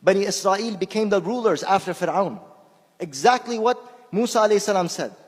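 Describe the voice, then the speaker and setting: High-voiced man preaching in a reverberant hall. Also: animated, fairly quick. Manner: conversational, repeats words while searching, acts out quoted voices. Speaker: shaykh giving a talk. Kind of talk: informal sermon with anecdotes.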